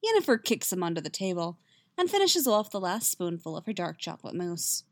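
Woman narrator for a story reading, lively delivery, dry close mic. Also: fairly low pitch, fairly quick, no echo. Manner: lively, expressive reading with voiced dialogue. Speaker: fan fiction reader.

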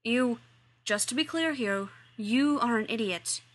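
A woman's voice: a little high, unhurried. A woman reading the lines of a blunt, exasperated young male wizard who scolds the one he loves.

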